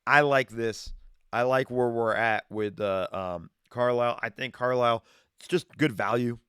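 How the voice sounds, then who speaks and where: A man hosts a casual live stream from a home garage, talking through his picks in a rambling, self-correcting way. His voice is smooth and resonant at a middle pitch. The sound is dry and close, with little room echo. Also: normal speed, fairly bright tone. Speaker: streaming show host. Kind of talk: casual sports betting talk. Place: home garage with wood paneling. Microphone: streaming setup, green screen.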